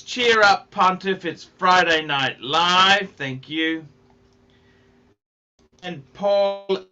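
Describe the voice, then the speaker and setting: A talkative man runs a casual livestream, reading out viewer comments and joking as he goes. His voice sits fairly high for a man and is very bright and sharp, and he talks at an unhurried pace. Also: highs cut off. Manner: chatty, jokey, reads viewer comments aloud. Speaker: livestream host.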